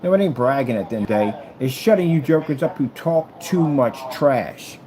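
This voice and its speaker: Taunting man with a lively voice. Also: moderate pace, slight background noise. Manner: taunting and trash-talking, repeats phrases; animated swings between loud and low. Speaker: screen maker showing his product. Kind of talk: boastful product demo vlog.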